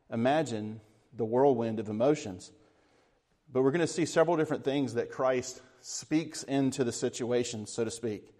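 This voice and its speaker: A man preaching a sermon in an earnest, reflective way, at times dropping to a hushed voice. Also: medium pitch, long reverb tail. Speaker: pastor.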